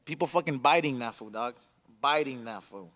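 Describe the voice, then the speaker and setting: A man hosting a casual podcast, loud and excitable, swearing freely as he rants. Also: mid-range voice, moderate pace. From Salvadoran family. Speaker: podcast host. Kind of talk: casual profane podcast banter.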